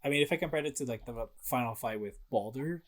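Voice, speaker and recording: A young man co-hosting a podcast, excitedly retelling a video game's plot in casual chat and swearing freely. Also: mid-range voice, fast, slight background noise. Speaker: podcast co-host.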